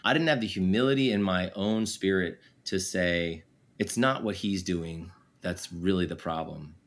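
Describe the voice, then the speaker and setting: A man's voice: low-pitched, normal speed. Candid, self-mocking middle-aged man. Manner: candid, self-deprecating, laughs easily, many fillers. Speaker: podcast guest, father. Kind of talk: casual candid conversation.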